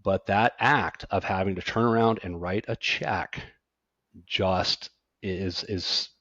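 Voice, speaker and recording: A middle-aged accountant speaks as a podcast guest, casual and animated, self-deprecating and stammering as he frequently restarts. His voice sits low and moves slowly. There's no room sound, and the highs are cut off.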